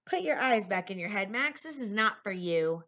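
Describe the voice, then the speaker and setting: A woman's voice: medium pitch, lively intonation, normal speed, sharp tone. A woman voicing a confident, friendly schoolgirl who talks boldly, reading a storybook aloud. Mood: teasing. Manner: bold, teasing. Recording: lo-fi recording.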